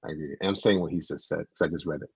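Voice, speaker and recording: A man's voice: a bass voice, steady tone, rapid-fire, vocal fry, breathy edge, no room sound, muffled recording. A man hosting a live stream and reading the chat, talking hesitantly with many restarts. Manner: hesitant, restarts a lot, repeats "listen".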